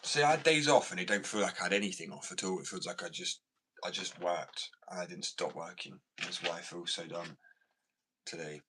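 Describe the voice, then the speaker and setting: A man's voice: deep voice, fairly quick. Rambling, sweary man in a workshop. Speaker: skateboard maker. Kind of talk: casual vlog chat. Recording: distant mic, faint background noise.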